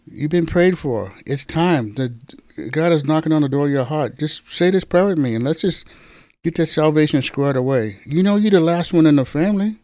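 A man's voice: fairly high pitch, animated, normal speed, darkish tone, no echo, clean studio sound. A man preaching a casual sermon and speaking to listeners like friends. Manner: conversational, calls listeners guys and bro.

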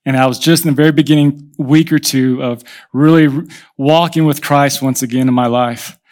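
A pastor in his thirties preaches a sermon, telling stories in a conversational way and acting out the voices of the people in them. His mid-range voice has a darkish tone and fairly even intonation, and he speaks at a normal speed.

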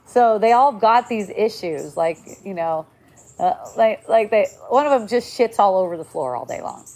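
A woman talks through spiritual ideas in a loose, conversational way. She leans on fillers like "like" and "right?" and swears bluntly and easily. Her voice sits at an ordinary pitch for a woman. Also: expressive, moderate pace, darkish tone. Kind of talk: casual spiritual talk.

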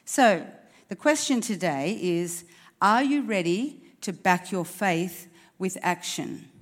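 A woman's voice: lowish voice, lively intonation, slow pace. A woman preacher giving an earnest, encouraging sermon at a church service, asking the congregation questions.

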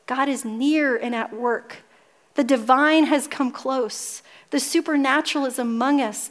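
Earnest woman preaching a sermon. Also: sits high. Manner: earnest storytelling to a congregation. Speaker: pastor.

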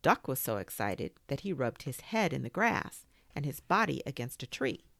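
A woman reading a children's story aloud as a podcast host, gentle and expressive. Her voice sits low with a gravelly grain, moving slowly and rising and falling widely. The sound is close and dry. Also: no room sound.

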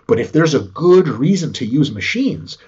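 Animated husky man, profane and lively. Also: mid-range voice, moderate pace, lo-fi sound. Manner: animated and profane, acts out quoted voices. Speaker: fitness podcast talker. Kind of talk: casual podcast chat.

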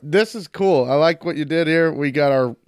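A man's voice: fairly high pitch, moderate pace, dry recording, clean studio sound. A man co-hosting a casual podcast chat, joking and teasing the others and laughing often. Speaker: podcast co-host.

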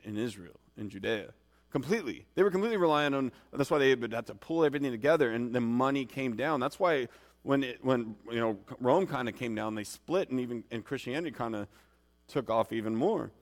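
A man's voice: mid-range voice, expressive, a little fast, long reverb tail. A man preaching an informal sermon in a conversational, rambling way, with many restarts and fillers.

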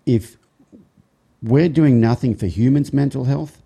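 A man's voice: medium pitch, a little slow, vocal fry, warm tone, husky. A man hosting a podcast, joking and giggling as he asks his guest questions. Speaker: podcast host. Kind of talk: casual interview chat.

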